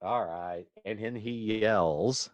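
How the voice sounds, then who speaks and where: A man's voice: fairly low pitch, slow pace, no echo, highs cut off. A man co-hosting a casual movie podcast from home, rambling and laughing often as he recaps scenes. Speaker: podcast co-host. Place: his own room, recording remotely.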